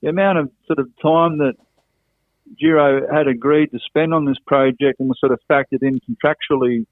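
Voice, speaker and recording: As a podcast guest, a man chats casually, rambling and circling back, with lots of "you know" and "and that" and frequent restarts. His medium-pitched, fairly even voice moves at a normal speed over a thin, phone-like line that sounds dry and close, with no room sound.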